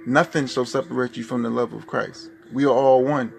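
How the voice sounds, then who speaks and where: A man's voice: medium pitch, fairly even intonation, brisk, creaky, soft background music. A man preaching a spoken-word sermon, firing off fervent rhetorical questions.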